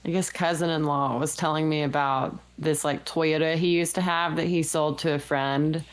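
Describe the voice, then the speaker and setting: A woman co-hosting a casual podcast, recapping a film in a relaxed way and laughing often. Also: deep voice, moderate pace. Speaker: podcast co-host.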